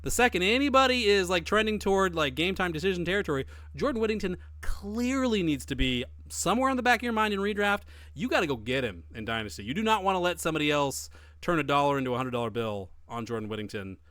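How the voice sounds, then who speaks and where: A man co-hosting a podcast in casual chat, talking emphatically with lively swings in his voice. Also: fast, no room sound, clean studio sound. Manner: emphatic, animated, with big swings in pitch. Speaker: podcast co-host.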